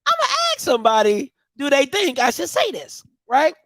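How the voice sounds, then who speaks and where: A man hosting a show in casual commentary, animated and full of repeated catchphrases. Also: extremely high pitch, normal speed, dry recording. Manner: animated, repeats catchphrases, bursts into loud laughter. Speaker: show host.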